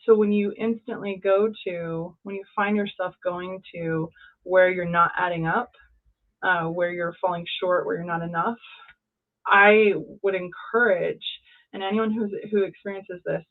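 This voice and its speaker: A woman's voice: lowish voice, steady tone, a little slow. Woman, life coach, earnest, encouraging, short phrases, thin phone-line sound. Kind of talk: guest in an interview.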